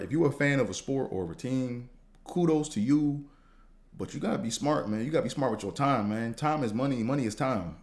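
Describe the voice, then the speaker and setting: A man hosting a podcast, talking in a casual, slangy, profane monologue that rambles and jumps higher when he gets fired up. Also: darkish tone. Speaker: podcast host.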